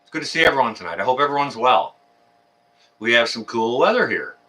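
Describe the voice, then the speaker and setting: This male livestream host has a medium-pitched, animated voice, brisk and bright with a forceful edge. He chats casually, greeting viewers by name, rambling along with lots of fillers and friendly banter. The mic picks him up from a little way off.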